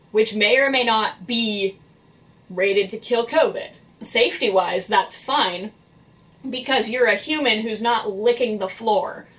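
A woman's voice: fairly high pitch, fairly bright tone, far from the mic. A young woman, a vlogger who works in public cleaning, venting about her job in a blunt, exasperated and profane way. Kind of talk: venting storytime vlog.

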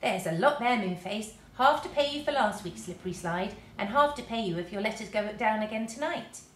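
A woman's voice: medium pitch, animated, fairly quick, close to an everyday voice. A woman voicing an eager, adventurous young boy from a storybook. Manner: keen and coaxing. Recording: roomy echo.

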